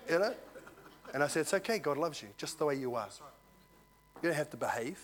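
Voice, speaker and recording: A man preaching a sermon, telling a story and swinging from loud to hushed. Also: on the high side, expressive, a little fast, pauses often. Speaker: visiting preacher.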